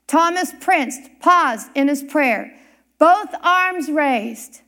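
A high-pitched woman delivers a sermon story at an unhurried pace. She lingers on words and pauses for drama, building the tale phrase by phrase. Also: lively intonation, fairly bright tone. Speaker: church speaker.

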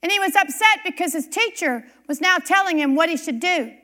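A middle-aged woman preacher telling a personal story in a sermon, animated and emphatic, repeating key lines. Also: very high-pitched, brisk. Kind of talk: sermon testimony.

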